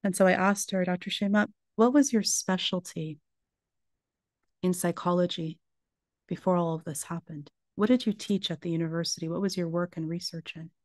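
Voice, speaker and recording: A woman's voice: on the low side, steady tone, normal speed, no echo. A woman giving a religious lecture, earnestly retelling a survivor's story in her own words.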